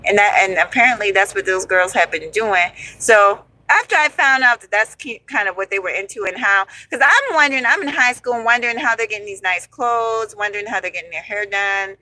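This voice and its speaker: A woman in her forties telling a story from her past in a casual, animated, profane way, calling her listeners honey and y'all. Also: mid-range voice, a little fast, hardly any pauses, dry recording, rough recording. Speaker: storyteller host.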